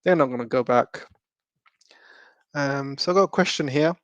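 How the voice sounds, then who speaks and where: A man's voice: mid-range voice, moderate pace, fairly bright tone, no echo, lo-fi sound. A man hosting a live stream, talking loosely with many ums and restarts.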